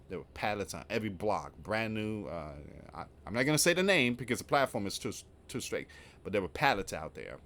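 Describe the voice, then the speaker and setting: A man's voice: fairly low pitch, very animated, fairly quick, a bit bright. A man hosting an online news channel, reading out reports and then commenting on them in a rambling, informal way.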